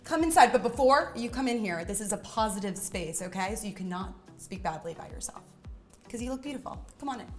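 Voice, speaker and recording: A woman's voice: mid-range voice, a bit bright. Bubbly young woman in an echoey room. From New York. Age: 20s. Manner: bubbly, upbeat, chatty. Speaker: video producer and host. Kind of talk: home tour vlog. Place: her apartment. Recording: echoey room, faint background music.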